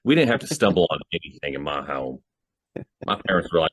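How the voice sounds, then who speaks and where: Podcast co-host, male, very low voice, dry sound, animated and fond of acting out lines. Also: quick pace, dry recording. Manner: animated, acts out quoted lines. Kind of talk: casual movie chat.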